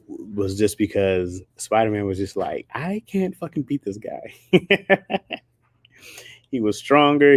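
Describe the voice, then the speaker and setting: A man's voice: on the low side, dry recording. A man chatting casually on a livestream, slangy and rambling, laughing often. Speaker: streamer.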